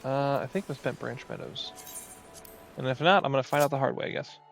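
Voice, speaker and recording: A man's voice: mid-range voice, fast, vocal fry, faint music behind. A man giving casual, rambling commentary while playing an online game, full of fillers and asides. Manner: rambling, chatty, many fillers. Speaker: gaming video host.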